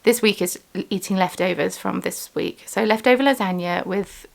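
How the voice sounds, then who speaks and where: A woman's voice: medium pitch, moderate pace, gravelly. A woman running a small craft business, talking in a chatty, rambling way with lots of ums in a casual vlog. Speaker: small business owner and vlogger.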